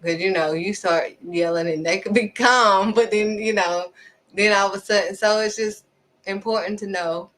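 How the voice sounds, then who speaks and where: A woman talking straight to camera in a casual motivational vlog, mid-pitched and conversational. She slips into little acted-out exchanges, then lands pointed questions right at the listener with a preacher's push. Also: normal speed, low-quality recording. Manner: animated, acts out little back-and-forth exchanges. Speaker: faith vlogger.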